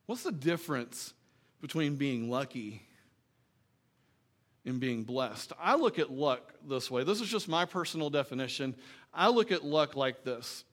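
A male pastor preaching a conversational sermon to a church congregation, swinging from loud emphatic questions to soft quiet storytelling. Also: mid-range voice, normal speed.

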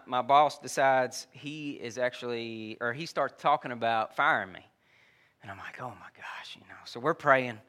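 A man's voice: mid-range voice, pushed and bright. A man preaching a sermon in a loose, conversational way, telling a personal story with plenty of restarts. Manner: conversational, uses dude and y'all, many restarts.

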